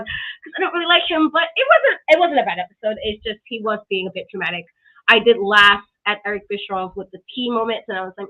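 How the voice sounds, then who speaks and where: A woman's voice: fairly high pitch, lively intonation, fast. A woman reviewing wrestling in casual chat, ranting with sarcastic asides. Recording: tinny phone-like call audio.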